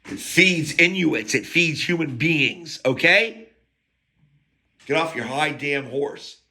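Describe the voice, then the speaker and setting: Gravelly, bright-voiced man telling a rambling story. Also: on the high side, lively intonation, takes it slowly. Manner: blunt, crude, digressive, with chuckles and rants.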